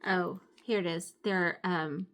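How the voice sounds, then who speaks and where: In a low-leaning, fairly bright voice with fairly even intonation, a middle-aged craft vlogger takes it slowly while showing off her supplies at home. Her casual show-and-tell rambles a little, with plenty of fillers and self-corrections along the way.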